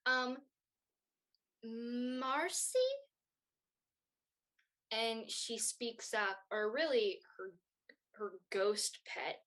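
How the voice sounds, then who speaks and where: Woman game master, slow rambling narration, mid pitch. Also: a bit bright, low-quality recording. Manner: rambling, many fillers.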